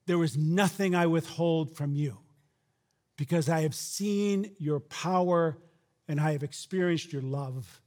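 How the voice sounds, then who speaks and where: A man preaching a sermon who shouts out quoted lines and then drops to a low, quiet delivery. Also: a little slow. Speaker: pastor.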